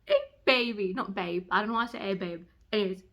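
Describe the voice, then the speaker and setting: A young woman chatting casually in a reading vlog, gushing and excitable, breaking into squeals as she retells a romance novel. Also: medium pitch, fast talker. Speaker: book vlogger. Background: construction voices.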